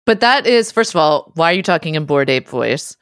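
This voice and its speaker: A woman co-hosting a podcast, trading quick, dry quips and teasing her partner. Her voice sits mid-range and moves around a lot. The recording is close and dry. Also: low voice, expressive, smooth, no echo. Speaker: podcast co-host. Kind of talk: casual joking chat.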